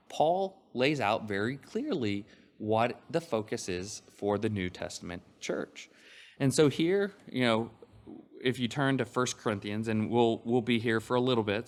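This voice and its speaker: A man preaching a sermon, reading scripture aloud and explaining it in a conversational way, with frequent fillers and restarts. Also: medium pitch.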